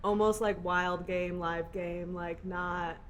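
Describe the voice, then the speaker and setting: A young woman with a Southern American accent hosts a casual podcast chat, talking in quick animated bursts and laughing a lot. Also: on the low side, a little hiss or hum. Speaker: podcast host.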